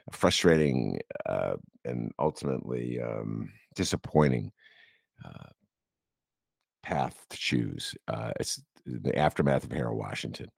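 A male podcast host in casual political talk, getting animated and excited as he goes. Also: rumbling low, vocal fry, dry recording, clean studio sound. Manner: animated, gets excited and laughs.

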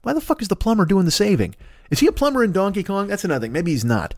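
A man's voice: high voice, wildly swooping pitch, racing, dry recording, clean studio sound. A man hosting a podcast, rambling through a profane late-night comedy rant and laughing at his own jokes. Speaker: podcast host.

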